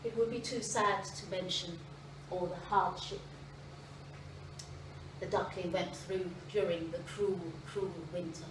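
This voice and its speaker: A woman storyteller performing a fairy tale live in a library, expressive, with dramatic pauses and voiced sound effects. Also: on the low side, noisy background. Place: library event space, indoors. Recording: echoey room from a distance.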